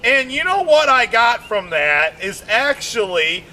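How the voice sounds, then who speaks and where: A man doing a stand-up comedy routine, rambling with constant fillers and shouting his punchlines. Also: very high voice, sing-song, unhurried, slight background noise.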